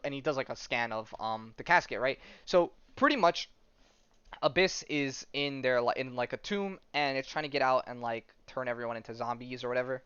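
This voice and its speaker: A man's voice: medium pitch, brisk, a bit bright, clear, resonant tone, dry recording, highs cut off. A man hosting a podcast, rambling through a comic story in casual chat and acting out the characters' lines with lots of fillers. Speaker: podcast host.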